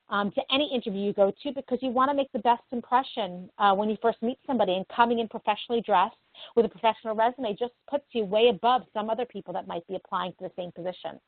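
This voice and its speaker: A woman from New Jersey with no regional accent, a career services professional answering interview questions in a calm, practical way. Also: on the high side, no echo. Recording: tinny phone line, dry.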